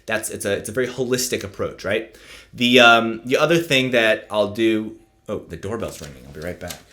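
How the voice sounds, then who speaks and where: A saxophone teacher talks through his practice routine in a casual instructional video. He explains each point in a relaxed, friendly way and often checks in with a quick "right?". His voice sits a bit low for a man.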